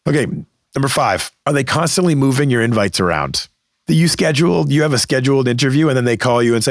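A middle-aged Boston-area man hosts a career advice podcast, talking emphatically and conversationally and acting out the people he quotes. His medium-pitched voice is lively and quick, recorded with clean studio sound and no echo.

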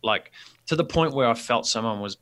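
A man telling a rambling, animated story as a podcast guest, with many restarts. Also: medium pitch, brisk.

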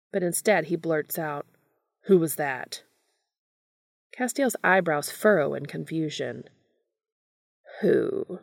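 A woman reads fan fiction aloud in a calm, steady storytelling voice. Her voice sits low with a gravelly edge, and she takes an unhurried pace. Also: no room sound, clean studio sound. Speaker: podcast reader.

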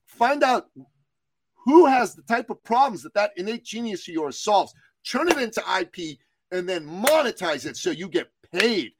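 A man from Iran, a business coach appearing as a podcast guest, tells motivational stories in an emphatic, slogan-driven style during the interview. His voice sits high and is sing-song, at a moderate pace, with background noise.

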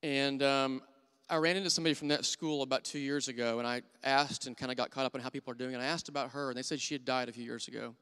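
A middle-aged man preaches with earnest warmth of conviction, telling stories from his own life. His voice is smooth and resonant, and it carries through a church hall with a long reverb tail. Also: medium pitch, steady tone, quick pace. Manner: earnest storytelling, drops to hushed voice for quoted thoughts. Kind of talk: sermon with personal stories.

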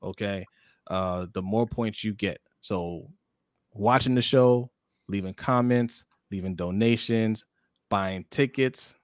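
A man co-hosting a sports talk show, telling stories with lively, acted-out reactions. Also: fairly low pitch, slow pace, dry recording, clean studio sound. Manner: animated storyteller, acts out his own reactions. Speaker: podcast co-host.

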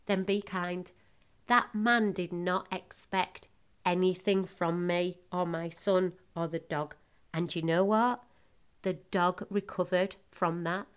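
A middle-aged woman hosting a podcast, telling a personal story emotionally, with halting restarts. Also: lowish voice, clean tone. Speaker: podcast host.

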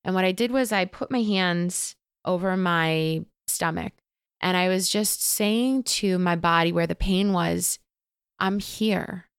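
Soft-spoken woman with gravelly low tone. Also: unhurried, no echo, studio quality. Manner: gentle, open, storytelling with many fillers. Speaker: Akashic Records teacher, guest. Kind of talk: casual spiritual chat.

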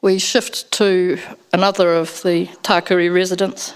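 A woman narrating a first-person story as an audiobook, in an expressive storytelling manner. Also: fairly low pitch, measured pace, clean tone.

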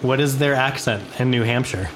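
A man's voice: mid-range voice, moderate pace, a bit bright, slight background noise. A man co-hosting a casual podcast in a laid-back way, laughing often and swearing. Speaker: podcast co-host. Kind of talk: casual chat.

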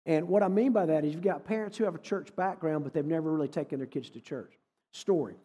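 A man's voice: on the high side, fast talker, mellow, breathy edge. A man preaching as a guest speaker, folksy and emphatic, repeating key phrases. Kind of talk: sermon. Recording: reverberant hall.

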